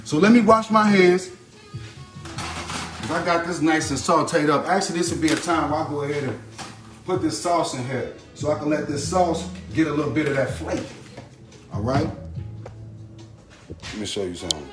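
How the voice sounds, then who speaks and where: A man's voice: on the high side, moderate pace, reverberant, music in the background. A man hosting a casual live cooking stream, loose and chatty, talking to viewers by name. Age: adult. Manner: loose and chatty, repeats a catchphrase, greets commenters. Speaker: home cooking host. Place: home kitchen.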